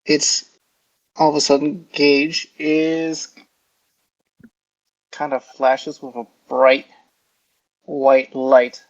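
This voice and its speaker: A man playing a tabletop role-playing game, casually describing his hero's moves in a halting, rambling way full of fillers. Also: fairly high pitch, little pitch movement. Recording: dull lo-fi audio.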